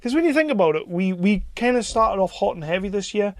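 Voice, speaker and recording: A man with a fairly high voice rambles excitedly about old action films as a podcast co-host. His jokes tumble out between tangents. The sound is close and dry, with no room around it. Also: fast talker, no echo. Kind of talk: casual film chat.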